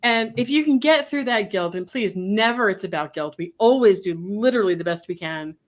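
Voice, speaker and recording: A woman's voice: mid-range voice, animated, a little fast. A woman speaking as a guest dog trainer in a casual interview, talking animatedly and acting out quoted voices.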